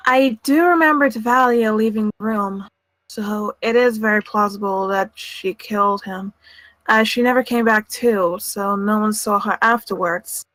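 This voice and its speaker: A woman's voice: medium pitch, fairly bright tone, no echo, natural voice, rough recording. A woman playing a hesitant woman witness. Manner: hesitant, halting. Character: timid adult woman witness on the stand.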